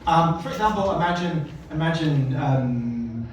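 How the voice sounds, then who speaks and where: A man's voice: on the high side, lively intonation, measured pace, slight background noise. A man hosting a live comedy show, chatty and rambling, heard from a distant mic in an echoey venue with a crowd. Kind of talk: live compering.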